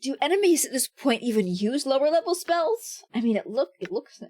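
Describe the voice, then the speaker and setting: High-voiced woman streaming a game. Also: sing-song, brisk, darkish tone, dry recording. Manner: wry, chatty, reads item text aloud. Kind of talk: casual game commentary.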